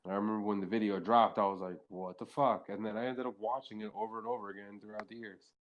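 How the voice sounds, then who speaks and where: Talking very fast in a fairly low, level voice, this young podcast guest rambles through casual stories full of profanity and endless "like"s. The recording is muffled.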